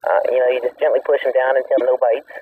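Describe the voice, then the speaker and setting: A man calling in as a radio guest who runs a dog foster facility, explaining things earnestly with halting pauses. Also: mid-range voice, level tone, distant mic. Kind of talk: call-in radio interview. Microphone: telephone. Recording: tinny phone line with faint hiss.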